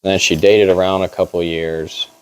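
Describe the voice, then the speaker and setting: A man's voice: low voice, flat delivery, moderate pace, clear, resonant tone, rough recording. A young man casually telling a long story in a barbershop, laid-back and full of "like". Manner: rambling, laid-back, heavy on "like".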